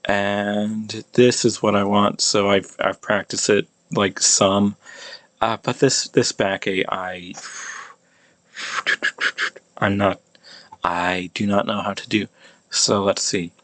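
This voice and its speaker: A man's voice: lowish voice, level tone, slow pace, long pauses, fairly bright tone, no room sound. An American man practicing old pronunciations aloud, repeating each sound many times with a hesitant, restarting manner. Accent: American English. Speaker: language hobbyist teaching pronunciation. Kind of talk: casual pronunciation practice video.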